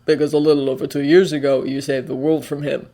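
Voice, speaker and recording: A fanfiction reader voicing a grave male vigilante who speaks low and quietly. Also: little pitch movement, quick pace, natural voice. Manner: low, subdued, muttering. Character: grim male vigilante bearing bad news.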